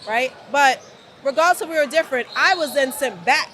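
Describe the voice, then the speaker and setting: Woman, middle-aged, high voice, animated talker, faint background ambience. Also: fairly quick, slight background noise. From United States. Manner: animated, says "right?" and "absolutely" often. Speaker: guest. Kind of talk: casual interview.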